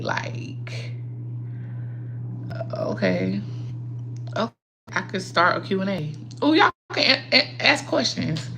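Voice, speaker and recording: A woman chats with her viewers in a slow, unhurried drawl, rambling between makeup steps and cursing casually. Her voice sits low for a woman, with a faint hum of noise under it. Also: animated, fairly bright tone. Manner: chatty, rambling, swears freely, talks to viewers. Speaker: livestream host. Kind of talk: casual livestream chat while doing makeup.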